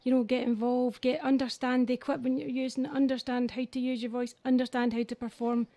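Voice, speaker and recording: Scottish singer guest, chatty and self-mocking, mellow higher voice, dry studio sound. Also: female voice, little pitch movement, brisk, no room sound. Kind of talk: casual radio interview.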